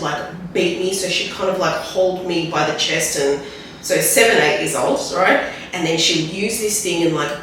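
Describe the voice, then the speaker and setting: A woman guest telling a candid personal story in a rambling, halting way, often tagging lines with "right?". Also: lowish voice, a bit bright. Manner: rambling, tag questions like "right?"; halting, restarts when emotional. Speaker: podcast guest. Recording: very echoey room, distant mic, faint noise.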